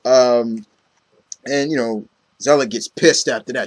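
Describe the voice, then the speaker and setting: A man's voice: medium pitch, a little slow, pauses often, dry recording. A man casually recapping a comic book story, rambling with lots of fillers and acting out the characters' lines. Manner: rambling, heavy on fillers, acts out quotes.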